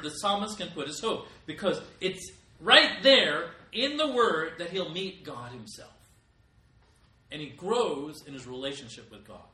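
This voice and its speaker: A middle-aged pastor with a high, bright voice preaches a sermon in a forceful tone, his volume rising emphatically. He is recorded from a distance in an echoey room.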